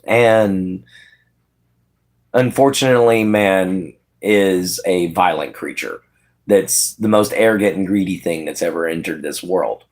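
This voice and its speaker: A man's voice: deep voice, measured pace. A man hosting a casual livestream, chatting with viewers by name and laughing often. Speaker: livestream host.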